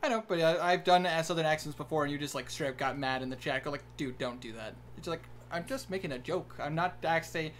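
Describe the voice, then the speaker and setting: A man from Minnesota narrates a tabletop game as game master, rambling and joking with plenty of fillers. His voice sits a little high for a man, with a faint hiss underneath. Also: quick pace, hardly any pauses, a bit bright.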